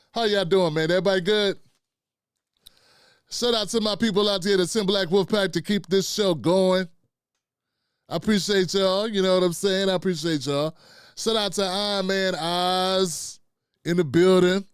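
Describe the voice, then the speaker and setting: In a dry, studio-quality recording, a middle-aged live-stream host speaks in a clear, resonant, high voice at normal speed, pausing often. He's loose and chatty, addressing his viewers, the chat, and his producer while dropping "man" and "fam" frequently.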